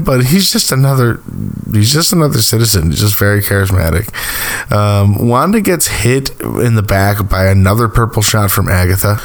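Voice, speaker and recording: Man, lowish voice, casual TV recap, rambling, lots of ums. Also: lively intonation, moderate pace. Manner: rambling, filler-heavy, chuckling. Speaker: TV recap host.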